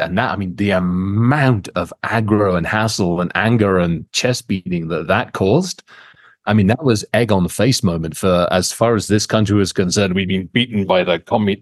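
A man's voice: fairly low pitch, dry recording, studio quality. A middle-aged man, a guest talking in a wry, blunt, conversational way. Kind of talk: casual interview chat.

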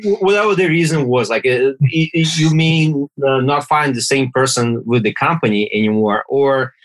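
A man with a Russian accent, a native Russian speaker, answers interview questions as a guest. He speaks in a halting way, with many fillers and restarts, and his voice sits at a middle pitch. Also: low-quality recording. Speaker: guest, operations and IT director. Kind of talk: casual interview talk.

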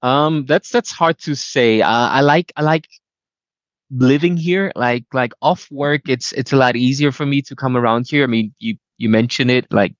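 A man's voice: mid-range voice, moderate pace, no echo, lo-fi sound. A man from Austria whose first language is German, speaking as an interview guest, often restarting and searching for words. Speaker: guest, IT leader. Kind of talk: casual interview chat.

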